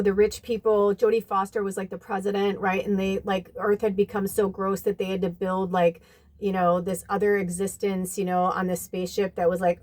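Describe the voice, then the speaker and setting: This is a spiritual medium, a woman with an American accent from the United States, offering advice to viewers in a loose, rambling way full of fillers and a bit of cursing. Her mid-range voice has a somewhat dark tone.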